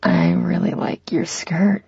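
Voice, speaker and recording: A woman's voice: low voice, sing-song, takes it slowly, creaky, lo-fi sound, heavily acted. Woman whispering as a teasing young male lover. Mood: murmuring. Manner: murmured, hushed, teasing.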